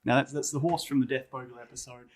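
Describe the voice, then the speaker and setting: A man co-hosting a casual podcast, joking around and reading an old ghost story aloud with lively expression. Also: medium pitch, fast talker, breathy edge. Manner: wry, jokey, reads with lively expression.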